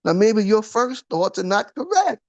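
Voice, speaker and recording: A preacher with a high, sing-song voice gives an informal sermon at normal speed, recorded with lo-fi sound. He speaks conversationally and throws out rhetorical questions. He checks in with listeners, frequently asking "huh?"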